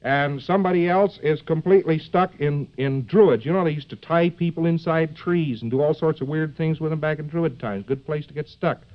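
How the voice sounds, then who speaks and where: Barely pausing, a man with a slightly high voice lectures live at a normal pace, joking and drifting into digressions packed with fillers and asides like "see?". The old recording sounds dull and lo-fi.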